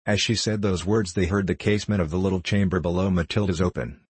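A man narrating a classic novel in an even, unhurried storytelling manner, with a husky voice. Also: low voice, no room sound. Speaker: audiobook narrator.

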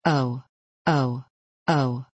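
A woman's voice: very deep voice, steady tone, very slow, darkish tone, husky, dry recording, muffled recording, heavily acted. A woman reading the part of a hungry, complaining wooden puppet boy in an audiobook. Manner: pleading, complaining. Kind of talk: audiobook character voice.

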